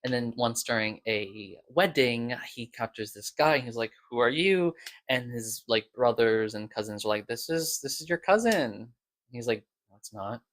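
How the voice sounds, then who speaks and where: A man's voice: mid-range voice, animated, normal speed, a bit bright. A man casually retelling plot points in a loose, rambling way, slipping into quoted lines as he goes. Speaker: video creator reviewing podcast episodes.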